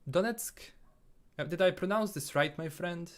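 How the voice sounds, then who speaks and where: A man's voice: high voice, a little slow. A man from Bosnia with a Bosnian accent, casually reading viewer comments aloud and answering them on a live stream.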